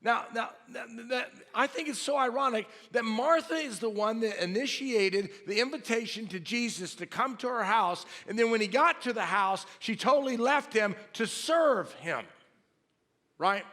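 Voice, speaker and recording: A pastor in his fifties preaches in a high, bright voice that carries with force. He tells his story animatedly and acts out the people in it. The sound rings with long reverb from a big church sanctuary. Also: expressive, normal speed. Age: 50s. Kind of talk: sermon. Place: large church hall.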